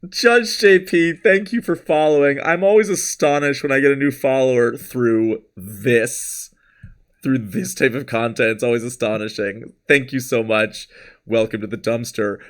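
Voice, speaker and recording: A man's voice: mid-range voice, unhurried. A man hosting a live stream, chatting casually and rambling, laughing often and thanking viewers from chat. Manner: reads out chat names and thanks followers. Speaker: livestream host.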